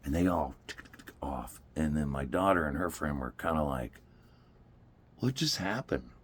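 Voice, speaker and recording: A man's voice: very deep voice, moderate pace, breathy edge. A man, telling a story about taking his daughter to an amusement park, laughing often and acting out what people said. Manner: animated, laughing often, acts out quotes. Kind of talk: casual storytelling.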